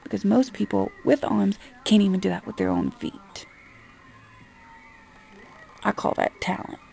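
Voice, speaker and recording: A woman's voice: mid-range voice, measured pace, vocal fry, warm tone, a little hiss or hum. A woman vlogger in a casual, exasperated rant, talking bluntly and swearing freely. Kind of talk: casual ranting monologue.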